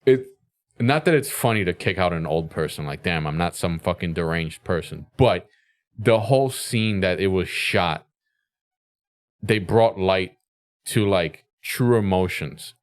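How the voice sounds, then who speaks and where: A man's voice: low voice, animated, unhurried. A man co-hosting a podcast, chatting casually, swearing freely and often laughing. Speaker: podcast co-host. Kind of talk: casual chat.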